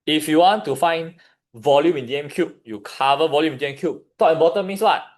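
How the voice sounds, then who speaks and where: A man with a Singaporean English accent, teaching a chemistry revision class and questioning his students as he goes. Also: on the high side. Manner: questions the class, pausing for answers. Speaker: chemistry tutor.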